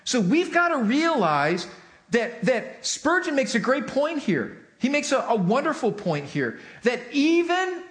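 A man's voice: very high voice, big pitch swings, a little slow, a bit bright. A male pastor preaching a sermon in a church sanctuary, talking to the congregation in a conversational way and calling for amens. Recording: echoey church hall.

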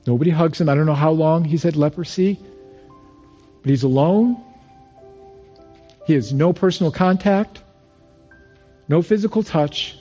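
A man's voice: on the high side, unhurried, pauses often, warm tone, faint music behind. A male pastor preaching a sermon in an earnest, storytelling manner with repeated phrases.

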